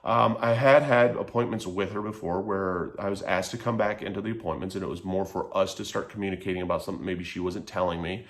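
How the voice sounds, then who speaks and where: A man's voice: sits low, fast talker, few pauses. A man telling a personal story to camera in a casual, heated, profane way. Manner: heated, profane, animated retelling.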